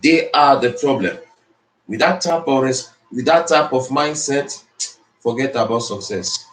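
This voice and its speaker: A man's voice: medium pitch, a little slow, slight background noise. Emphatic man, roomy echo. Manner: repetitive, emphatic, preachy. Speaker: motivational speaker. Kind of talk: motivational speech. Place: speaking to an audience in the Philippines.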